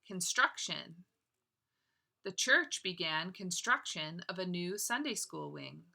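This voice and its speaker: Slow, gravelly-voiced woman teacher. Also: lowish voice, sharp tone. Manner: slow, deliberate word-by-word dictation; affectionate toward students. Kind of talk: dictating a spelling test.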